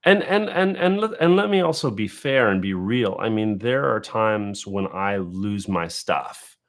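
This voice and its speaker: Male guest, lowish voice, earnest, stammers repeats, quick to laugh. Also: expressive. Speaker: interview guest, video creator. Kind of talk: casual conversational interview.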